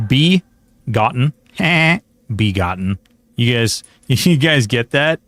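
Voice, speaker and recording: A man's voice: mid-range voice, expressive, slow, a bit bright. A man streaming a game, chatting casually in a rambling, joking way and slipping into mock outrage. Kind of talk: casual gameplay commentary.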